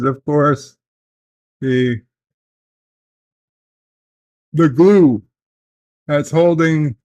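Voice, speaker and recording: A man sits at home and tells a family anecdote on his vlog. He talks very slowly, stopping often to restart his sentences and fill the gaps with "uh" and "um". His voice sits a little higher than most men's. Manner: slow, halting, many fillers and restarts. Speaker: vlogger. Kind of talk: casual storytelling. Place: at home, in bed.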